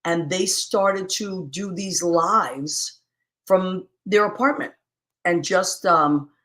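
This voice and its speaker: A woman's voice: on the low side, takes it slowly, fairly bright tone. Effusive woman hosting a live stream. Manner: effusive, greeting viewers by name with endearments; rambling, with many fillers and restarts. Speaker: host of a live-streamed talk show. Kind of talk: casual live-stream chat. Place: home, streaming live in New York.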